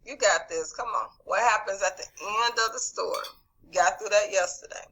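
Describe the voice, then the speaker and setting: A woman's voice: mid-range voice, fairly quick, sharp tone, breathy edge, poor audio. A woman teaching over a video call, reviewing a quiz and calling on students by name in an encouraging way. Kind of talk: online class quiz review.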